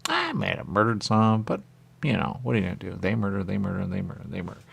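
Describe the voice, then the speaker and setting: Low gravelly man rambling aloud. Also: big pitch swings, quick pace, fairly bright tone. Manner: repetitive, meandering, musing aloud. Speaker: radio talk host. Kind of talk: rambling solo monologue.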